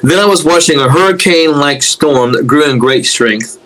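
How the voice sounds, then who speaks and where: A man recounting a prophetic dream in a dramatic storytelling way, often repeating words as he searches for them, and slowing and dropping low to stress key lines. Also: fairly bright tone, low-quality recording.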